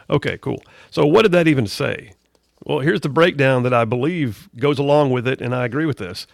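Middle-aged guy doing a talk radio monologue, gravelly voice, dry close studio sound. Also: mid-range voice, moderate pace, dry recording. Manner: folksy, conversational, preachy asides.

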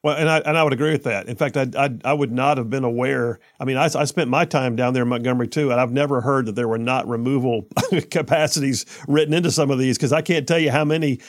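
A man hosting a radio talk show, chatty and quick, with lots of stumbling restarts. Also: medium pitch, steady tone, no echo, studio quality. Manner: chatty, stumbling restarts, rushes when he gets going.

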